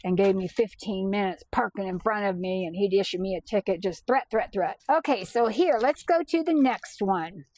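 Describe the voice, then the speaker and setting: A woman in an everyday middle-pitched voice tells a personal story in a loose, chatty, self-deprecating way, the sound close and dry with no room around it. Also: moderate pace, few pauses, a little mellow, no echo. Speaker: vanlife vlogger. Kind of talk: casual first-person storytelling.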